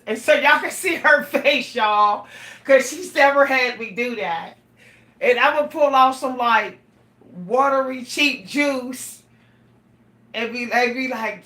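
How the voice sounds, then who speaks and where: A woman's voice: on the high side, unhurried, bright, forceful tone. A middle-aged woman, talking casually and animatedly to her viewers, laughing and exclaiming often. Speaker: vlogger. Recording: echoey room, voice a bit far from the mic.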